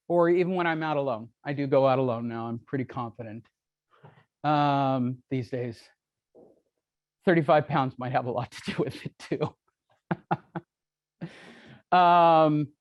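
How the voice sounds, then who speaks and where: A man's voice: fairly high pitch, no room sound. A middle-aged man giving a live seminar talk to a room, brash, joking and self-deprecating. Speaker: real estate speaker. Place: meeting room with audience.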